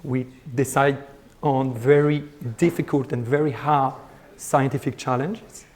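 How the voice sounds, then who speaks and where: A middle-aged man with a French accent, hoarse from a lost voice, giving an informal, conversational conference lecture as a guest speaker. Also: mid-range voice, steady tone, measured pace, darkish tone.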